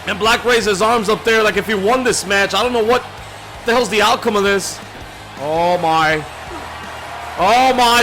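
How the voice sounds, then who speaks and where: High-voiced hyped man calling wrestling. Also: unhurried, pauses often. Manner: hyped, loud, shouting calls. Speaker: play-by-play commentator. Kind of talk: excited wrestling video game commentary. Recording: game music and crowd noise loud behind. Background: video game crowd and music.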